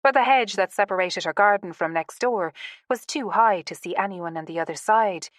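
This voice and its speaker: A woman with a mid-range voice narrates a romance audiobook from a script, measured and expressive, in clean studio sound with no echo.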